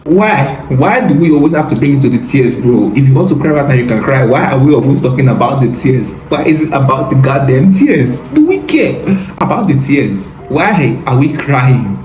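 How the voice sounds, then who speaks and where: A man's voice: medium pitch, sing-song, fairly quick, a little mellow, roomy sound, a little hiss or hum, low-quality recording. Exasperated man mocking celebrity interviews. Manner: mocking, exasperated, laughs often, says "bro". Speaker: commentary video host. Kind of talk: casual reaction commentary.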